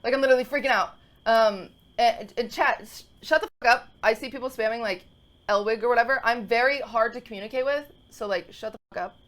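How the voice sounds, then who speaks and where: A woman in her twenties co-hosts a podcast, her voice fairly high, slightly quick and a little bright. She tells a long story in a casual, rambling, emotional way, packed with fillers and restarts.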